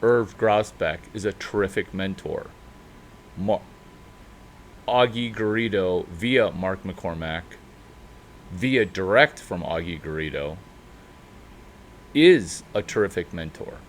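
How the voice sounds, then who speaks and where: A man riffs spontaneously in the role of a startup mentor, his lively delivery marked by sudden shifts in loudness and pitch and long, drawn-out stresses. Some slight background noise can be heard.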